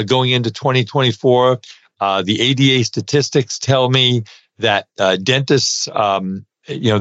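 Hosting his podcast in a mid-range voice, this middle-aged dental CPA with a New York accent keeps things chatty, with plenty of "uh" fillers and warm thanks. The audio has no echo, but the highs are cut off.

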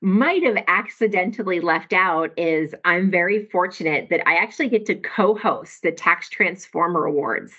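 A woman's voice: lowish voice, normal speed, hardly any pauses, a bit bright, husky, lo-fi sound. A woman in her forties talking with enthusiasm as a podcast guest, chatty and upbeat. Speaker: podcast guest, tax software professional. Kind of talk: podcast conversation.

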